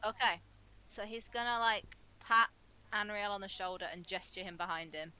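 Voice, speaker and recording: Bright-voiced eager woman player. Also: mid-range voice, normal speed, clear, resonant tone. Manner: eager, cheers at the dice rolls. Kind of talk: tabletop game chat, describing her character's moves.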